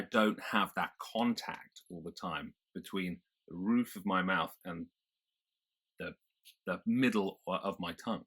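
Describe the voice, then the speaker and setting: A man's voice: deep voice, unhurried, a bit bright, slightly rough. A man with a British accent, a speech coach explaining in a video tutorial how sounds feel in the mouth, thoughtful and descriptive. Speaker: accent and public speaking coach.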